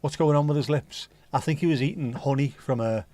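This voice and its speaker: A man's voice: fairly high pitch, brisk, mellow, dry recording. A man hosting a livestream, chatting casually and reading out viewer comments in a rambling way, with the odd swear. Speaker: livestream host.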